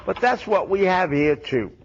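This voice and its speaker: A man's voice: high voice, expressive, moderate pace. A man giving a sermon as a rabbi, wry and sarcastic, asking rhetorical questions. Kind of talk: sermon on the weekly Torah portion. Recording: dull lo-fi old recording.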